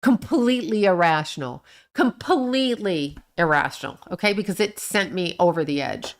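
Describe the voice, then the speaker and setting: A woman's voice: lowish voice, lively intonation, normal speed. Blunt, swearing woman livestream host. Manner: blunt and profane, rants and swears at the people she discusses; talks back to chat comments. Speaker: livestream host reading chat. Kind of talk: casual livestream chat.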